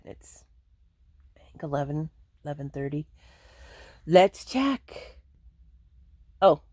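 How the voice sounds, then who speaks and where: A woman's voice: low-pitched, darkish tone, no room sound. A woman chatting casually to her viewers from home, rambling and laughing often. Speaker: vlogger. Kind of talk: casual chat to camera.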